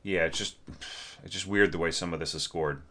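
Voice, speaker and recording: A middle-aged man teaching orchestration critiques a student's score aloud, thinking through it with restarts and humming or singing the phrases he means. His voice sits low, with a steady, slightly bright tone, and he talks a little fast.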